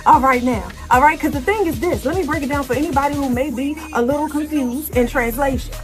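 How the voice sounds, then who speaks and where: High, sassy, taunting woman. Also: fast talker, faint music behind. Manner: taunting, sing-song, repeats "okay?". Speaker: live stream host. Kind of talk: sassy monologue.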